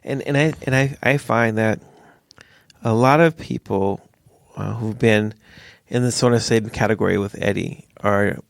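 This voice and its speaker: A man's voice: on the low side, unhurried, creaky, no echo, clean studio sound. A man talking casually as a father sharing stories, acting out the voices of people he quotes. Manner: animated storyteller who acts out quoted voices. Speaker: father sharing his story. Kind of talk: casual conversation.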